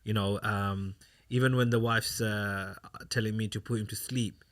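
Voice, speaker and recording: A man's voice: lowish voice, fairly even intonation, normal speed, fairly bright tone. A young man co-hosting a casual podcast chat, rambling through anecdotes and acting out what others said. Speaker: podcast co-host.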